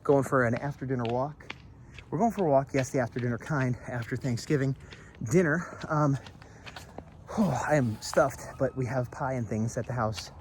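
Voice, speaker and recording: A man's voice: mid-range voice, moderate pace, a little hiss or hum. A man chatting casually in a vlog, rambling as he tells stories outside his house at dusk. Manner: rambling, animated storytelling with mimicked voices. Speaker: vlogger. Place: outdoors in front of a house at dusk.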